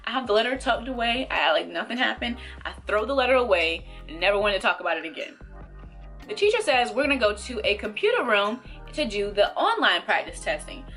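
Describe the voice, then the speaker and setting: A young woman vlogger telling a storytime to camera in a casual, animated way, acting out the voices of the people in it. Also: mid-range voice, fairly quick, soft background music. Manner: animated, acts out quoted voices, laughs between lines. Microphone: camera mic.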